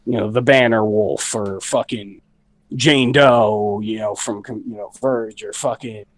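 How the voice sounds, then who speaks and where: A man's voice: fairly low pitch, fairly even intonation, a little slow, rough recording. A man recovering from the flu and out of breath, talking in a rambling way full of fillers and swearing as a guest in a casual studio interview. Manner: rambling, many fillers and profanity. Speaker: band member guest. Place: recording studio.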